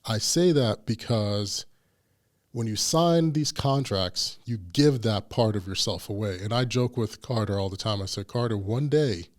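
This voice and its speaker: A man telling stories on a podcast. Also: fairly low pitch. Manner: animated storyteller, acts out quoted voices. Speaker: podcast host. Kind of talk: casual chat.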